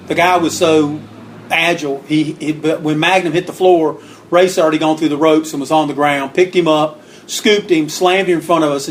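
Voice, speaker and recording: A man on an interview, spinning stories with animated energy and acting out what people said. His voice sits a little high, and he clears his throat now and then. A faint hiss runs underneath. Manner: animated storyteller acting out quotes. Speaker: guest author. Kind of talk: storytelling interview.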